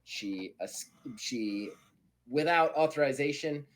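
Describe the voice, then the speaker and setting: A man with a slightly high voice and lively intonation narrates a tabletop role-playing game as game master, taking it slowly. His narration is loose and chatty, heavy with fillers and broken up by frequent laughs.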